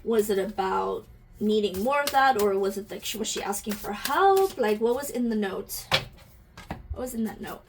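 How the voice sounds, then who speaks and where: A woman's voice: medium pitch, animated, moderate pace, noisy background. A woman giving an intuitive energy reading to camera, musing aloud, asking questions and talking directly to her viewers, easily moved to emotion.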